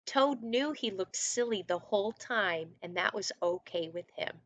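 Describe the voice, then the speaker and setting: A woman teacher reading a picture book aloud to first graders in an online lesson, gently asking the children questions. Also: mid-range voice, expressive, measured pace, dry recording, lo-fi sound.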